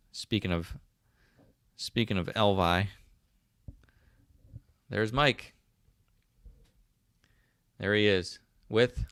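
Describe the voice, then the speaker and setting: A man's voice: deep voice, a bit bright, dry recording, studio quality. A man in his fifties with a South Jersey accent, hosting a casual livestream and chatting while reading out viewer comments, rambling with frequent ums. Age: 50s. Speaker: livestream host.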